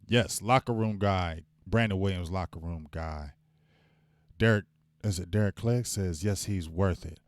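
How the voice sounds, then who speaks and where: A man's voice: lowish voice, expressive, moderate pace, no room sound, studio quality. A man hosting a casual live sports fan stream. He rambles, gets hyped and calls out to the chat viewers. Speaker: fan show host.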